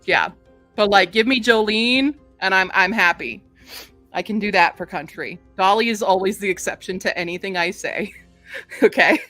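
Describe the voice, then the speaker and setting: A chatty woman hosting a relaxed book review chat. She laughs easily and reads blurbs aloud between asides. Faint music sits underneath. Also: medium pitch, normal speed, no room sound. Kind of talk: casual chat.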